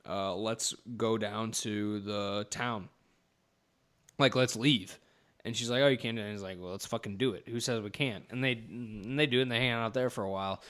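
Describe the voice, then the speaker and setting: A man's voice: fairly low pitch, pushed and bright, clear, resonant tone. A young man co-hosting a podcast, rambling through a movie plot in casual chat, swearing and acting out the characters' lines. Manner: rambling, swearing, acts out scenes with laughter. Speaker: podcast co-host.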